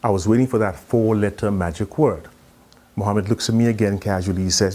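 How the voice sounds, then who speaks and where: A man giving a conference talk, telling a story in an animated way and acting out the dialogue. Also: lowish voice, brisk. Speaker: keynote speaker.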